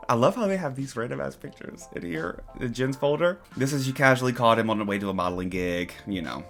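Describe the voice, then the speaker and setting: A man's voice: mid-range voice, a little fast, creaky, fairly bright tone, faint music behind. A young man giving casual, playful commentary on photos, gushing with jokey asides. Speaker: YouTube commentary host.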